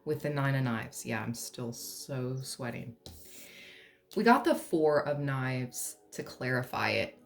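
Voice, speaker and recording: Woman tarot reader, low voice, unhurried, playful, soft music behind. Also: animated, vocal fry. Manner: playful, laughs to lighten things, breaks into humming and song. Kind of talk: pick-a-card tarot reading.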